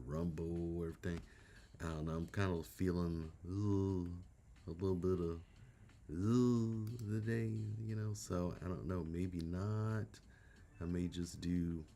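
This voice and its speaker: A middle-aged man chats casually as he hosts a live art stream, his lowish voice soft and a little hoarse from a cold. He rambles along and keeps clearing his throat. A faint hiss sits under the desk-mic recording. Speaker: host of a live drawing stream.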